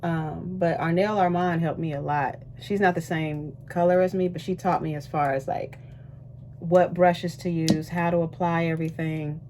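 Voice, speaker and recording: In her cabin aboard a ship, a woman vlogs casually as she does her makeup, sounding out of breath. She's a cruise ship singer with a lowish voice and moderate pace, chatty and animated, tossing asides to her viewers over a faint hiss or hum.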